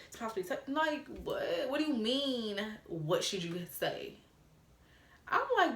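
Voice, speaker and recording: A woman in her twenties telling a story to camera, animated and profane, laughing as she acts out old text messages. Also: mid-range voice, echoey room. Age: 20s. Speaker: storytime vlogger.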